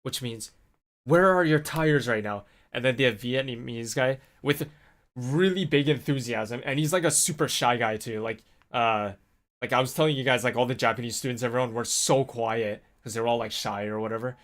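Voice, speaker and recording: A man vlogging in a casual, rambling storytelling way, animated when he quotes people. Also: medium pitch, brisk. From North America. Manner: rambling, animated when quoting others, laughs often.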